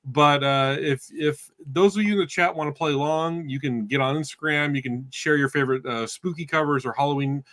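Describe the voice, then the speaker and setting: A man's voice: fairly high pitch, a little fast, few pauses, a bit bright, no echo. A man co-hosting a casual online comic book show, reading segments with playful alliteration. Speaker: co-host. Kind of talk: casual chat about comics.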